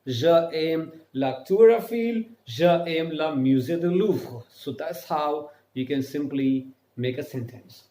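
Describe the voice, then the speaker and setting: A man teaching a beginner French lesson. He spells words out letter by letter and repeats phrases slowly. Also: fairly high pitch, expressive, warm tone, echoey room. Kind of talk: online language lesson.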